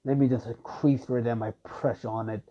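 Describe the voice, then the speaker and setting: A man's voice: mid-range voice, fairly even intonation, fairly quick, dark tone, natural voice. A man voicing a menacing, contemptuous male demon in a cloak, speaking in a sneering, dismissive way, on a dull lo-fi recording. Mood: cruel.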